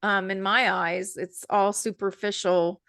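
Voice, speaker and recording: A woman's voice: mid-range voice, flat delivery, a little slow, creaky, fairly bright tone, clear, resonant tone, no room sound, clean studio sound. A woman co-hosting a casual chat, nasal and congested from allergies, opinionated and rambling with fillers. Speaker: co-host.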